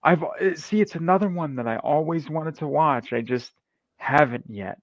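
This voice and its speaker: Gravelly man, dry close sound. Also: fairly high pitch, animated, normal speed, no room sound, poor audio. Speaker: podcast co-host. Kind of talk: casual chat.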